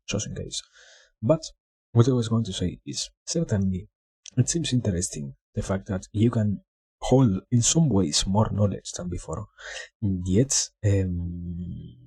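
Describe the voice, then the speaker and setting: A man's voice: lowish voice, warm tone, slightly rough, no echo. A young man streaming live, chatting casually, flustered, swearing and laughing a lot. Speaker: livestreamer. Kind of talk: casual livestream chat.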